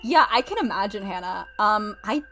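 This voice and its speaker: A young woman streaming a game, reading the narration aloud and reacting excitedly in between. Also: medium pitch, normal speed, over music.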